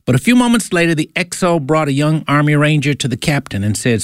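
A man's voice: a little high, sing-song, fast talker, few pauses, no room sound, clean studio sound. A man telling a religious story in earnest, devotional narration.

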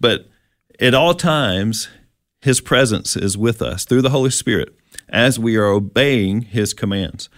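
A man's voice: on the low side, no room sound. Guy chatting through bible verses, easygoing, dry close sound. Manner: reads scripture slowly, relaxed and chatty. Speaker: co-host. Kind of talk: conversational Bible teaching.

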